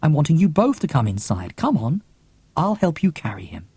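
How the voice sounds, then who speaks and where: A man's voice: on the high side, wildly swooping pitch, normal speed, breathy edge, no room sound, pitched above the performer's own voice, full character voice. Man doing a kind worried woman. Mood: concerned. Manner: gentle, concerned.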